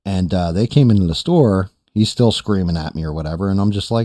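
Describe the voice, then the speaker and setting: A man's voice: low-pitched, animated, normal speed, dark tone, dry recording, studio quality. A man hosting a podcast, telling a long profane story in a loose, rambling way with quoted voices. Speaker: podcast host. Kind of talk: casual storytelling chat.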